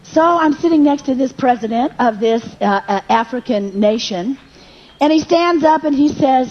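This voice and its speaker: A woman's voice: high-pitched, animated, moderate pace, highs cut off. A woman preacher telling a personal testimony in a sermon, with emotional storytelling that rises into fervent prayer.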